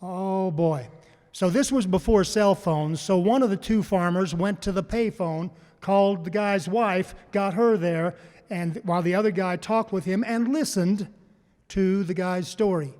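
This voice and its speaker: A man's voice: sits high, unhurried, darkish tone. A man giving a talk to a live audience, telling stories and asking the crowd questions, then repeating their answers. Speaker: panel speaker on farm mental health. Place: conference hall. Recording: long hall reverb.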